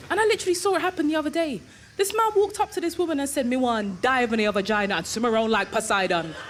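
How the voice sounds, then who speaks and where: Bawdy woman comic, high and lively, over background noise. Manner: playful, bawdy storytelling. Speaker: stand-up comedian. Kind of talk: stand-up comedy.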